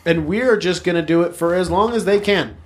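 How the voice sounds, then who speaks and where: A woman's voice: fairly low pitch, a little fast. A woman co-hosting a podcast, telling a crude, boastful story in casual chat. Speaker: podcast co-host.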